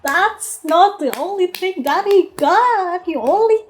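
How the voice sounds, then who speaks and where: Woman vlogger, high and very animated voice, excitable exclamations and laughs mixed with quiet murmured asides, unhurried delivery. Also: a little hiss or hum. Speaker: anime reaction vlogger. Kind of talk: live reaction commentary.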